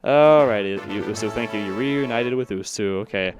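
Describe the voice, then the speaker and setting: A man's voice: fairly low pitch, brisk, music in the background. A man doing post-recorded gameplay commentary, rambling and self-deprecating with plenty of fillers. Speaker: let's play commentator.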